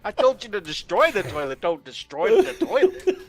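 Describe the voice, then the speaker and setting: A man's voice: high voice, wildly swooping pitch, moderate pace. A man voicing a scolding New York mob boss in an exaggerated put-on New York accent. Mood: exasperated.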